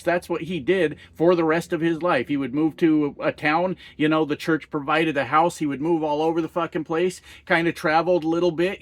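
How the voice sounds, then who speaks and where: A fired-up American trucker rants straight into the camera, swearing freely and hammering rhetorical questions. His voice sits high for a man, and the sound is dry and close, with no room around it. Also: fairly bright tone, no room sound. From United States. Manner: heated, profane, rhetorical questions. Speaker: trucker vlogger. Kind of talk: angry political rant to camera.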